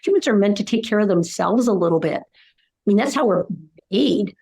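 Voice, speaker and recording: An older woman speaks at an ordinary middle pitch, with an emphatic, driving delivery. She stacks short repeated phrases into rhythmic runs and slips into acting out little caregiver scenes as she explains. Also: animated, moderate pace, creaky, darkish tone, husky. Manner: acts out caregiver scenarios mid-answer. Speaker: dementia care educator. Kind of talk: conversational interview answers.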